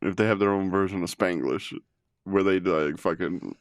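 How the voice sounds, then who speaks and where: A man's voice: low-pitched, steady tone, normal speed, no echo, studio quality. A man co-hosting a podcast in casual chat, laughing often and swearing freely. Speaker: podcast co-host.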